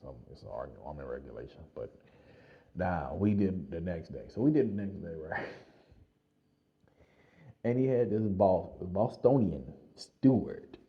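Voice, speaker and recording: A man vlogging, telling a lively personal story in casual slang with frequent laughs. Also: sits low, measured pace, long pauses, highs cut off.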